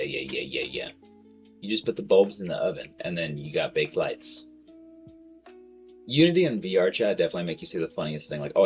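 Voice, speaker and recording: A man with a low, deep voice talks casually on a livestream, rambling from one thought to the next. His speech is slangy and full of swearing. Soft guitar music plays quietly in the background. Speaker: streamer.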